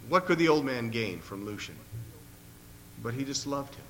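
A man preaching a sermon and retelling a story, in an earnest, measured way, often clearing his throat, recorded in a long-echoing hall with a faint hum. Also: mid-range voice, expressive.

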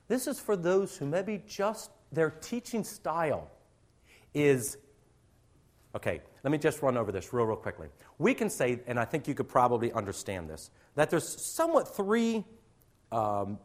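A middle-aged male teacher giving a conversational lecture to other teachers, acting out little classroom scenes as he goes. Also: mid-range voice.

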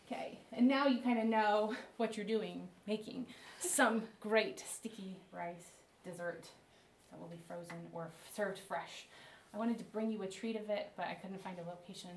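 A woman's voice: mid-range voice, normal speed. A woman teaching a workshop group, chanting rhythmic phrases and showing the motions. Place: classroom with participants. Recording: echoey room, mic from far off, loud noise.

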